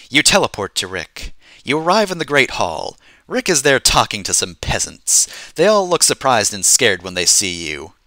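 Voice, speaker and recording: A man streaming himself reading a text adventure game aloud, in an animated way and chuckling at the story. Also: lowish voice, dry recording.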